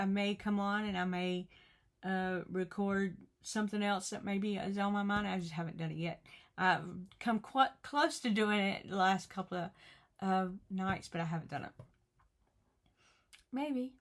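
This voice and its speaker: A middle-aged woman, giving an earnest, chatty motivational talk to the camera and repeating her phrases. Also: medium pitch. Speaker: vlogger.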